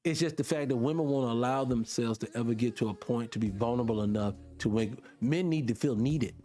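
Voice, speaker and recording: A man's voice: mid-range voice, brisk, warm tone. Blunt preachy radio host, man. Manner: blunt, preachy, addresses listeners directly. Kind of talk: casual morning radio talk.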